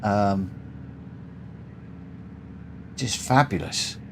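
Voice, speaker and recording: Excitable sim-racing streamer. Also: male voice, lowish voice, drawn-out words, slight background noise. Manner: chatty, excitable, reads out race results. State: tired. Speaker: live-stream host and sim racer. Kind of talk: live gameplay commentary.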